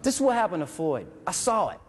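Animated male storyteller in a big hall. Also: sits high, fast talker, slightly rough. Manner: vivid, animated, acts out sounds and voices. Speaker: veteran speaker. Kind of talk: storytelling speech. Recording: hall reverb.

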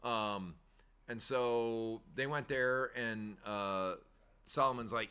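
A man's voice: medium pitch, unhurried, sharp tone, smooth. A man hosting a casual chat show, rambling and candid, swearing freely and laughing easily. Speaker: shop owner hosting a weekly chat show.

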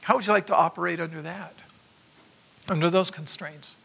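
A man's voice: high voice, steady tone, moderate pace, gravelly, fairly bright tone, slightly rough. A man preaching a sermon, exhorting his listeners with emphatic repetitions and asides to them. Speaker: pastor.

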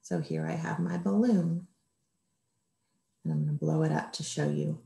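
Woman teacher, gentle lesson for small kids, low gravelly voice, echoey room. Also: fairly even intonation. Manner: gentle, slow, speaking to small children. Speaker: early childhood teacher. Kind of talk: distance-learning lesson for young children.

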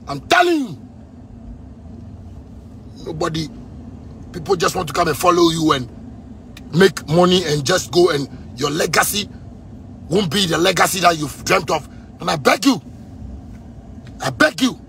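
A man in his thirties with a Ghanaian accent, ranting angrily at the president, repeating himself and breaking into shouts. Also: high voice, lively intonation, moderate pace, vocal fry, long pauses, slight background noise. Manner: heated, repetitive, bursts into shouting. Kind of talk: angry rant addressed to the president.

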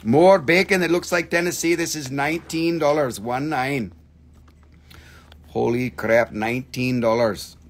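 Speaking in a steady, mid-range voice at a measured pace, a live-stream crystal seller casually shows off rocks and minerals along with their prices. His sales chat is joking and profane, with snippets of song thrown in.

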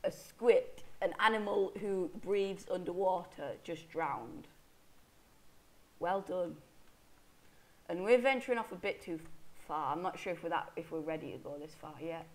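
A woman talks through her survival game with hiccups she can't shake. Her voice sits a little low, and she chatters on, mocking herself and chatting to the animals she meets. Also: a little slow, rough recording. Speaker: Minecraft let's player. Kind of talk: casual gameplay commentary.

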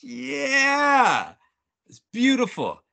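A male trainer speaks over a video call with a bright, forceful tone that cuts through. His delivery is upbeat and animated, and he jokes with his audience. He restarts his sentences often. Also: extremely high pitch, extremely slow, vocal fry. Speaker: sales trainer presenting a webinar. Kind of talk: energetic workshop presenting.

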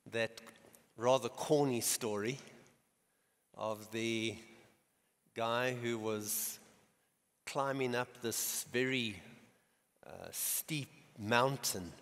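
A man preaching slowly and deliberately, letting quiet pauses hang between his phrases. His voice sits at an ordinary middle pitch, and each sentence trails off into a long reverberation in a church hall. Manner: slow, measured storytelling with quiet dramatic pauses. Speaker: guest preacher. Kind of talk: sermon.

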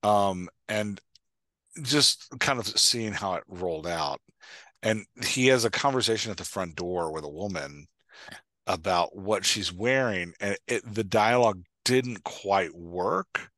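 A man co-hosting a podcast on writing, talking in a thoughtful, halting way with many restarts. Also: low voice, fairly bright tone, dry recording. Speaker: podcast co-host. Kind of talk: casual chat.

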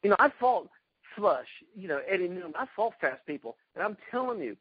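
A man from South Carolina, a retired karate champion, telling lively anecdotes in a casual interview and acting out the voices of people he quotes. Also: high-pitched, brisk, breathy edge, no room sound, highs cut off.

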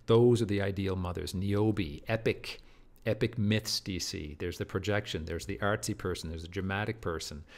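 Lower-voiced man lecturing, repeating himself. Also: fairly even intonation, moderate pace, darkish tone. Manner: repeats words, restarts, keeps asking "do you see?". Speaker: literature lecturer. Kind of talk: recorded literature lecture.

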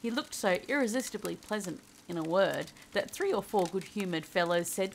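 A woman reading a classic story aloud as a cosy ASMR bedtime tale, soft and gentle, giving the characters their lines. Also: mid-range voice, expressive, moderate pace, vocal fry, hardly any pauses, a little hiss or hum, poor audio.

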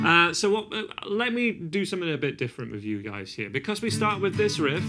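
A man giving a casual guitar lesson, encouraging, counting beats aloud and singing snippets as he plays. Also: fairly high pitch. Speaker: guitar teacher. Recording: loud guitar over the voice.

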